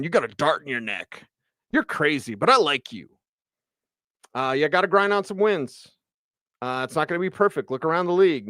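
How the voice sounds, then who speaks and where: A man hosting a solo postgame livestream, giving a casual, animated football recap and reading viewer comments aloud. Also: mid-range voice, no echo, studio quality. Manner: casual, animated, reads live chat aloud. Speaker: sports radio host.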